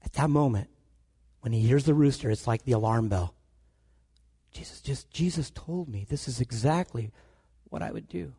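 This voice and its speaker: A man preaching a sermon, telling stories with animated delivery and acting out the dialogue. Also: medium pitch, moderate pace, long pauses, slightly rough.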